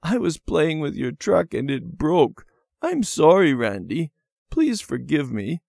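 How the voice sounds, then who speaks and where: A man voicing an eager, tearful little girl in a storybook, raising his voice high and childlike. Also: big pitch swings, a little slow, a little mellow, no echo, studio quality. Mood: pleading. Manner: pleading, high childlike pitch. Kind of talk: storybook character voice.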